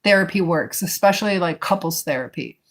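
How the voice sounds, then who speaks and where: A woman's voice: fairly low pitch, lively intonation, fairly quick. A woman hosting a casual live stream, talking in a rambling way with many fillers while she answers viewer comments.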